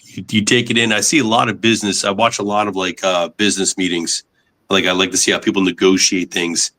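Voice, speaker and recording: Man, low voice, podcast guest, calm and matter-of-fact. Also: brisk. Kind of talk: casual podcast conversation.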